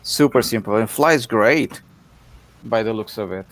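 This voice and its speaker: A man's voice: on the low side, a bit bright. Hesitant man chatting on a video call. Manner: hesitant, many pauses and fillers. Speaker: participant in a hobby video hangout. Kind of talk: casual chat on a video call.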